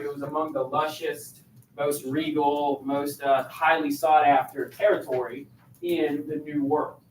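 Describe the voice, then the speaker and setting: This teacher's voice is on the high side, shows little pitch movement, and moves a little slowly. He lectures his class casually and asks them questions, heard from afar in an echoing classroom with a bit of hiss or hum.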